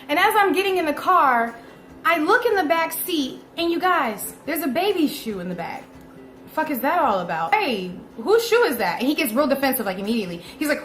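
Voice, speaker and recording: A young woman with a high voice tells a story to her viewers in a lively, profane way, calling them y'all. Her voice rings in an echoey room with a faint hiss of ambience behind it. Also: quick pace. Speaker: vlogger. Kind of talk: casual storytime.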